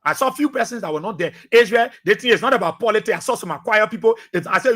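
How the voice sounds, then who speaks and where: On a radio talk show, a Liberian man speaks in Liberian English with a voice that is notably high, bright and forceful. His fiery commentary moves at a quick pace with lively intonation and hardly any pauses, as he preaches to listeners and repeats short phrases again and again to press each point.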